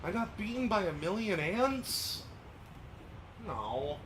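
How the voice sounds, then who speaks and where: A man streaming a racing game, commenting casually, swearing often and breaking into yelps and shouts. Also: high-pitched, slow. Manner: excitable, swears a lot, bursts into yelps and shouts. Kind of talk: live gameplay commentary. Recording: noisy game stream audio.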